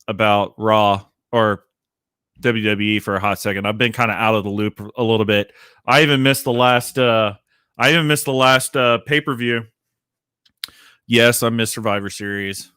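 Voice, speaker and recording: A man hosting a casual livestream chat, rambling and animated, swearing freely and laughing at himself. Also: on the low side, moderate pace, smooth, no echo, clean studio sound. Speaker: livestream host.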